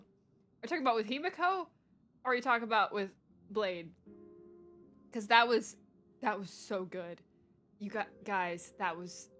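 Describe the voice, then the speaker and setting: An excitable young woman streams her reaction to a game story. She talks casually and gushes freely, in a mid-pitched voice. Faint game music sits behind her. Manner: excitable, exclaiming, gushing.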